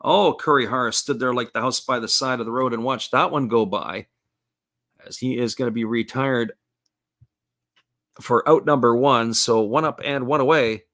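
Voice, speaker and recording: A man giving live baseball play-by-play commentary, folksy and steady, reading out chat messages between pitches. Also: normal speed.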